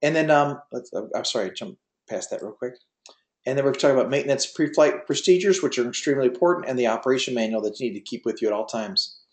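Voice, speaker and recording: A man's voice: mid-range voice, animated, fast, reverberant. A man teaching an online class on drone pilot rules, in a folksy, rambling way with many fillers and restarts, speaking over a video call. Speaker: drone pilot test prep instructor. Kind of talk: online class lecture with a told joke.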